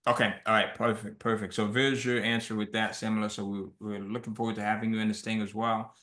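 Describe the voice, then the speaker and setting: A male webinar host with a bright, forceful tone talks conversationally and motivationally, reading out viewer questions. His voice rings with a roomy echo. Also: lowish voice, flat delivery, fast.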